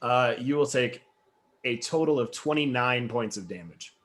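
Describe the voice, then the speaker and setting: A man's voice: medium pitch, animated, normal speed, a bit bright. A man acting as game master for a tabletop game, speaking in a casual way and laughing often.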